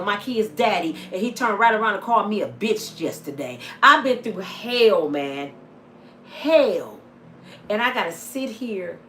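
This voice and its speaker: A middle-aged woman vlogger talks casually to her viewers, calling them y'all in a plain-spoken way. She swings from lively storytelling into a heated, preachy, emotional monologue, her voice lowish with slight background noise.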